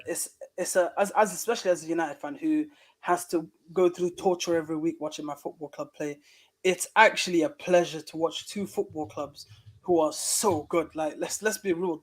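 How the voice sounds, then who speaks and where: A man's voice: a little high, moderate pace. A man on a football panel chatting casually, teasing and good-humoured.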